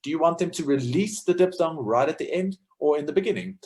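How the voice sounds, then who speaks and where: A man's voice: fairly high pitch, animated, fairly quick, a little mellow. A man, a choral conductor, giving a lecture and posing one rhetorical question after another. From South Africa. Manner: earnest, asks many rhetorical questions. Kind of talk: lecture talk.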